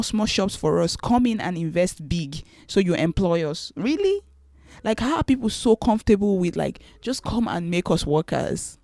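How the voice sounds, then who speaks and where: A woman's voice: fairly low pitch, gravelly, darkish tone, dry recording. A young woman vlogging her opinions, exasperated and rhetorical, repeating her questions for emphasis. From Nigeria. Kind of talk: opinionated commentary to camera.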